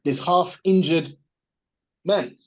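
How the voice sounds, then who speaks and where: Male co-host, opinionated, rambling, fairly high voice. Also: takes it slowly, rough recording. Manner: opinionated, rambling, searches for words. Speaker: podcast co-host. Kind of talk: casual wrestling opinion chat. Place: resting at home.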